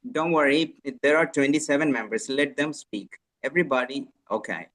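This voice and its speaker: Brief: mid-pitched man moderator, courteous and insistent, video call. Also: normal speed, fairly bright tone. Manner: polite, repetitive, urging others along. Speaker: session organizer. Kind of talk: online meeting moderation.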